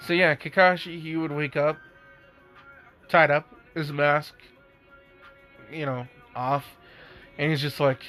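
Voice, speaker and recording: A man's voice: on the high side, fairly even intonation, unhurried, long pauses, fairly bright tone, soft background music. A man casually telling a fan-made story, rambling with lots of fillers and asides. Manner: rambling, filler-heavy, amused.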